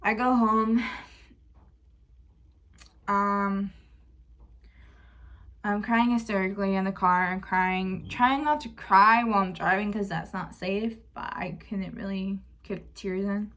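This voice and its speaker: A woman's voice: mid-range voice, steady tone, takes it slowly, long pauses, fairly bright tone. A young woman vlogger candidly recounting a painful family story, speaking frankly and emotionally, quoting arguments and swearing now and then. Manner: emotional, frank, retells arguments with "I'm like" quotes and occasional swearing. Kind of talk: candid personal storytelling to camera.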